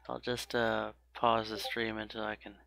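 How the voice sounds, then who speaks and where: A man in his thirties talks casually while streaming a game, with a gravelly edge and a bright, forward tone. The sound is dry and close, with no room around it. He is chatty and self-mocking, laughing often at himself. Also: lowish voice, no room sound. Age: 30s. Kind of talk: casual live-stream chat.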